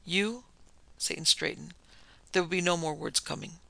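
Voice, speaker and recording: Gravelly man reading a story aloud. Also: fairly high pitch, level tone, fairly quick, bright, forceful tone, no room sound. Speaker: audiobook narrator. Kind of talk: storybook reading of a pulp detective tale.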